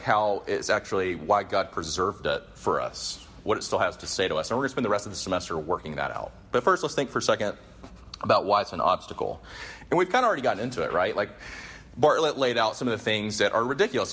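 Man preacher, low-ish voice, earnest and off-the-cuff, with fillers, restarts and a casual teaching tone. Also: fairly bright tone, slightly rough. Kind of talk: conversational sermon with prayer. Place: meeting room with a gathering.

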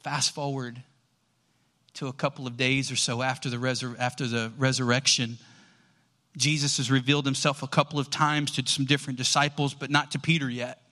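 A man preaching a sermon, telling a Bible story with lively, acted-out dialogue. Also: mid-range voice, a little fast. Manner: animated storytelling, acts out quoted lines. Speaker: pastor.

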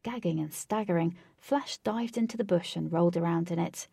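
Woman reading a storybook aloud, low-ish and gravelly, dry close sound. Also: fairly even intonation, moderate pace, hardly any pauses, warm tone, no room sound. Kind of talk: storybook narration.

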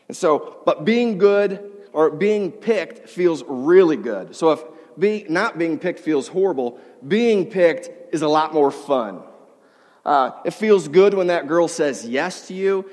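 A middle-aged man preaching, his voice sitting a touch higher than most men's. He tells stories against himself with humour and plays the other people in them. The sound carries the long reverb of a large hall. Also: expressive, a little slow, darkish tone. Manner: self-deprecating, humorous, acts out quoted voices. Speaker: pastor. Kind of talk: storytelling sermon. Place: large hall before a live audience.

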